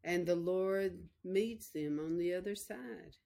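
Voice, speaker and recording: Slow, low-voiced woman preaching. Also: vocal fry, mellow. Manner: emotional, repetitive storytelling, addresses listeners directly. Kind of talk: sermon with personal testimony.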